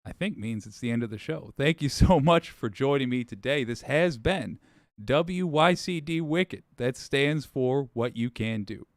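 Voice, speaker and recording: A young man hosting a political livestream show in a wry, chatty way, with asides and his voice going hoarse. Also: mid-range voice, expressive, measured pace, no room sound, studio quality. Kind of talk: casual livestream talk.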